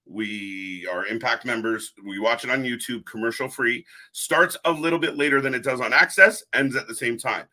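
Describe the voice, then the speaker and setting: A man's voice: mid-range voice, moderate pace, hardly any pauses, bright, forceful tone. A man hosting a live wrestling watch-along stream, chatting casually and greeting viewers in the chat by name.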